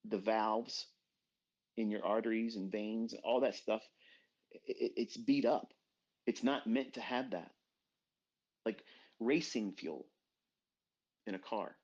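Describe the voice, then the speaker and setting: A man's voice: takes it slowly, long pauses. Blunt, swearing middle-aged man ranting. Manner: blunt, swearing, swings from low murmurs to loud outbursts. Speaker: trading mentor. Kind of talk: profane motivational rant. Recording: dull lo-fi recording.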